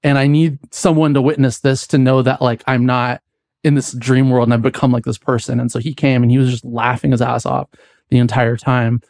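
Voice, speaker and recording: A mid-pitched man tells a long personal story on a podcast, circling back with restarts and filler words. His voice sits close and dry on the mic, with no room sound around it. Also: level tone, fairly quick, gravelly, darkish tone, no echo. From United States. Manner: rambling, many likes and restarts. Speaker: podcast guest. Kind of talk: casual storytelling chat.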